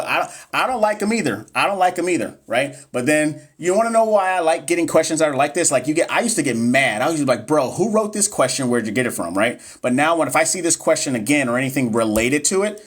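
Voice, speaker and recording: Chatty man in his thirties tutoring live. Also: medium pitch. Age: 30s. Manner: chatty, joking, reads questions aloud to the chat. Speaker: nursing exam tutor on a livestream. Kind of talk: casual livestream teaching.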